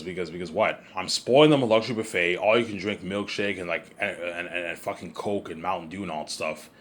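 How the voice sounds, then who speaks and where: Fast rambling man ranting to camera. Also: low-pitched, a bit bright, a little hiss or hum. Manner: repetitive, profane, stumbles over words. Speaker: vlogger. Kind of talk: rambling casual monologue.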